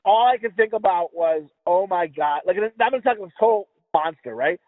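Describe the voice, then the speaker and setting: An East Coast man co-hosting a podcast speaks briskly in a high, expressive voice. He tells stories in a loose, rambling way, swearing and stumbling as he goes. The recording is dry and tinny, almost like a phone call.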